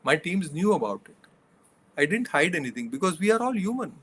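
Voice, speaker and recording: A man's voice: fairly high pitch, big pitch swings, fairly quick, a bit bright, a little hiss or hum. A middle-aged man, a leadership coach, giving earnest interview answers that he builds from examples and numbered points.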